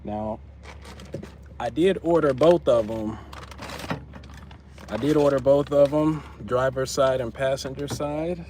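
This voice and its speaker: Man, mid-pitched voice, chatty mechanic talking through a repair on a livestream, repeats lines for emphasis, faint hiss behind. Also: takes it slowly, long pauses. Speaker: part-time mobile mechanic. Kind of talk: casual livestream talk while working on a car.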